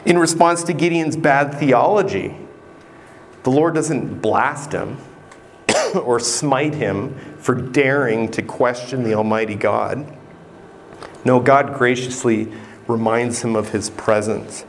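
A man preaching a sermon in a slow, deliberate way, pausing often and repeating words for emphasis. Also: medium pitch, slight background noise. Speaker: pastor.

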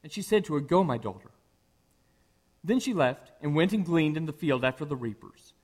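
A middle-aged man, a pastor, preaching a sermon in a conversational way that rises at times to animated emphasis. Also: a little high, moderate pace.

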